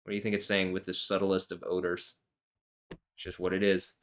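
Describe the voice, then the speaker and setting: A man reads scripture verses aloud slowly, then breaks into rambling, profane commentary. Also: sits low, completely flat delivery. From United States. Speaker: host.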